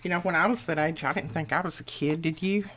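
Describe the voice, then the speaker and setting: An older woman with a low, settled voice talks her way through a crafting project at home, rambling and folksy. She thinks aloud as she works. A faint hiss sits under her voice. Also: fast, a bit bright. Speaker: crafting channel host. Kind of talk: casual crafting tutorial chat.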